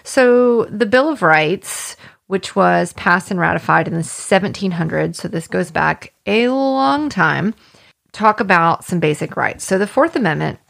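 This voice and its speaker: A woman's voice: lowish voice, animated, measured pace, vocal fry, fairly bright tone. A woman hosting a true-crime podcast, explaining legal points in a plain, conversational way. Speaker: podcast host.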